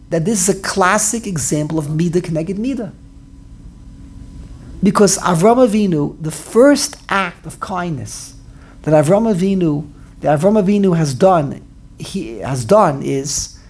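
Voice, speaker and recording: A woman's voice: fairly low pitch, darkish tone, husky. A woman teaching a Bible class in an earnest, explaining way, often repeating and restarting her phrases. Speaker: Torah teacher.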